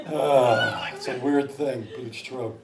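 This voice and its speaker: A man's voice: mid-range voice, noisy background. A man in his fifties doing stand-up comedy and slipping into exaggerated voices. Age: 50s. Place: small comedy club stage. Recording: echoey club from a distance, laughing crowd. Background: audience laughter.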